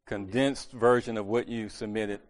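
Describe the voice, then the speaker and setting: A man leads a church meeting in a relaxed, conversational sermon. He talks like he's chatting with the congregation, catches his own slips and corrects them, and drops in the odd light joke. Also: on the low side, moderate pace. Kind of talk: casual sermon.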